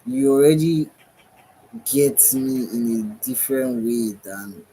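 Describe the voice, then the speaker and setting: A man with a mellow, medium-pitched voice takes his time, heard through poor audio with a little hiss or hum. This yawning, worn-out livestream host meanders through a spiritual monologue, often searching for the right word and repeating "right?"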